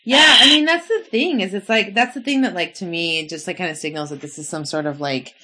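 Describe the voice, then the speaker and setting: A young woman in casual chat, telling animated stories with lots of "like" fillers. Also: on the low side, a little fast. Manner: animated storyteller, frequent "like" fillers.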